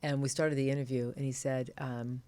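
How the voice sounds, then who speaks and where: A woman's voice: very deep voice, brisk. A middle-aged woman being interviewed, telling stories with energy and acting out what others said. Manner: animated storyteller, acts out quotes. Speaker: interview guest. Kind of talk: casual interview chat.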